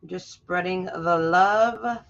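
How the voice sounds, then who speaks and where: A woman's voice: on the low side, slow, vocal fry. A woman hosting a casual live crafting tutorial, chatting and greeting viewers by name. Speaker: craft livestream host. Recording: muffled lo-fi livestream audio.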